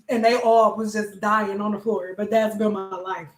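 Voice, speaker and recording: Her voice a little high, this young vlogger talks extremely slowly with frequent pauses, recounting funny stories casually in an echoey room. She laughs often and animatedly mimics others' voices in quotes.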